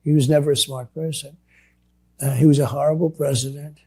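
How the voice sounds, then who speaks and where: Older male politician, gravelly and mellow-dark, boastful repetitive rambler. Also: on the high side, steady tone, a little fast. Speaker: politician answering reporters. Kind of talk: clip of a press Q&A.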